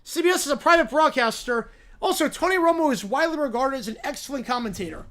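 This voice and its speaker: A man doing a brisk female lawyer. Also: very high voice, animated, pushed and bright, full character voice. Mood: confident. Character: crisp, confident female corporate lawyer.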